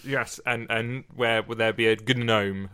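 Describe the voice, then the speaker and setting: A man's voice: medium pitch, steady tone, pushed and bright, smooth. An English man who hosts a podcast, reading a sonnet aloud and then bantering playfully with a guest. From Britain. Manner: playful, teasing, quick asides. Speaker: podcast host and reader.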